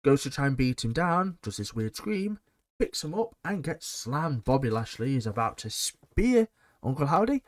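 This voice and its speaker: A man's voice: mid-range voice, big pitch swings, moderate pace, no room sound. A man giving a blunt, sarcastic and rambling casual recap of a wrestling show.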